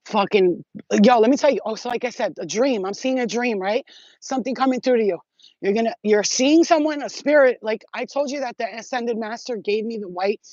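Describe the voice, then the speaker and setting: Brief: woman vlogger with a slightly high voice, swearing freely and rambling, recorded dry and muffled. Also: fairly quick, no echo. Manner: profane, excitable, streetwise slang. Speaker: spiritual vlogger. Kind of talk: rambling casual monologue to viewers.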